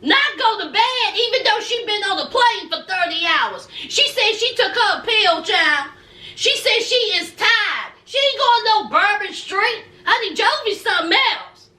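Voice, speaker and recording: A woman's voice: very high voice, animated, unhurried, bright, forceful tone, echoey room. A woman doing a sassy casual recap of a reality show, drawling and calling her listeners honey and child. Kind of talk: animated casual recap with acted quotes.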